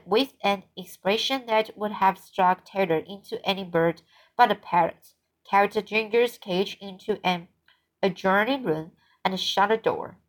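Woman reading aloud, stumbling on words. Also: medium pitch. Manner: halting, stumbles and corrects herself. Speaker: audiobook reader. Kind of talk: amateur audiobook narration.

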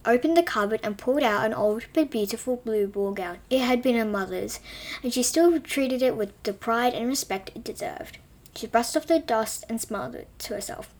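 A young woman tells her own reimagined fairy tale in a playful, chatty way. Her voice sits a little high, and she often trips over a word and corrects herself before carrying on. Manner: playful, with frequent self-corrections. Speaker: storyteller. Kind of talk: reading a self-written story aloud.

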